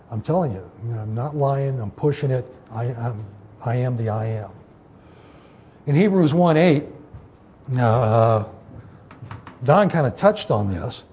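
A man's voice: mid-range voice, darkish tone, slight background noise. A man teaching an informal Bible study, explaining scripture in a loose way with many fillers and restarts.

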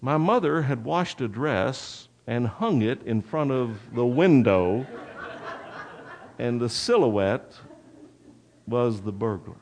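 A man's voice: medium pitch, expressive, takes it slowly, long pauses, darkish tone. A man preaching a sermon, folksy and talking straight to the congregation, with a personal story. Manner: folksy, addresses the congregation directly. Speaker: pastor.

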